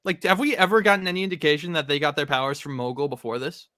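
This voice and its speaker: A man's voice: a little high, fairly even intonation, fast talker, pushed and bright, no echo, clean studio sound. A man co-hosting a casual comic recap, rambling with lots of fillers and frequent laughter. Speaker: podcast co-host.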